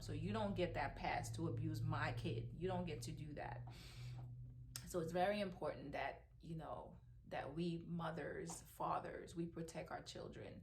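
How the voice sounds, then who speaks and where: A woman's voice: fairly low pitch, a little hiss or hum. A middle-aged woman, a mother, talking emotionally in a heartfelt personal vlog, with lots of ums and restarts. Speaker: mother vlogger.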